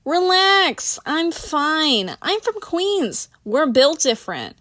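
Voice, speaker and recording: A woman voicing a brash, tipsy party woman from Queens who talks loud and swaggering. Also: high voice, big pitch swings, takes it slowly, no room sound, pitched above the performer's own voice, full character voice.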